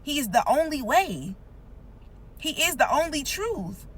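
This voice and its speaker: A Christian content creator, a woman with a high, very animated voice, gives an informal devotional teaching at an unhurried pace. She is earnest, conversational and emphatic, repeating points to drive them home, over slight background noise and poor audio.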